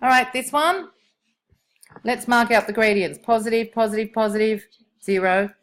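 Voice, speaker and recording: A woman's voice: on the high side, moderate pace, fairly bright tone. A woman maths teacher, talking a class through graphs as she thinks aloud and asks them questions. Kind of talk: classroom lesson on curve sketching.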